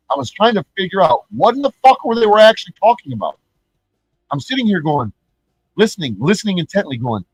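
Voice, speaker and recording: A man's voice: high-pitched, big pitch swings, fast, breathy edge, no echo, faint music behind, rough recording. Profane ranting streamer man. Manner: profane, rambling, mocking; repeats and restarts words. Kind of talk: ranting live-stream commentary.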